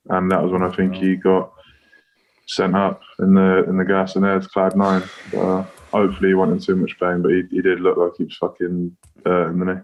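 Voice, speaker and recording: A man's voice: low-pitched, monotone, brisk, dull audio. A man, a rugby player guest, talking bluntly and swearing freely in a casual podcast chat.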